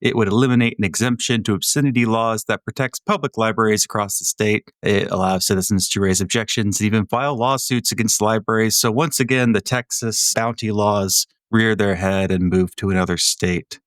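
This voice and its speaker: A man from Florida chats loosely on a podcast, telling stories with a wry edge and a bit of swearing. His voice sits low. The sound is dry and close, with no room around it. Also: steady tone, fairly quick, few pauses, no echo. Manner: wry, swearing, rambling storyteller. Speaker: podcast co-host. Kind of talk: casual podcast chat.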